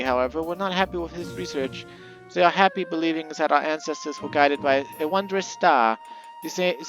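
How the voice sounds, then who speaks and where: A man voicing a small, earnest fantasy scholar woman in a softened, careful reading, with faint game music behind. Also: a little high, voice pushed up, lightly acted, low-quality recording.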